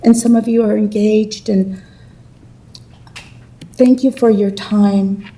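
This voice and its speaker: A woman's voice: mid-range voice, fairly even intonation, slow pace, warm tone, recorded from a distance, rough recording. A woman giving a rambling, emotional public comment at a city council meeting.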